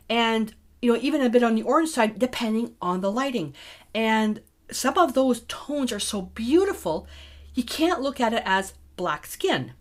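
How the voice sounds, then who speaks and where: A middle-aged woman teaching a casual painting tutorial, chatty and thinking aloud as she mixes colours. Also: a little high.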